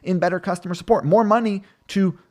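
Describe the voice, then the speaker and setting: A man with a high-pitched, darkish voice talks fast while hosting a live stream. He answers viewers' marketing questions loosely and conversationally, using lots of fillers.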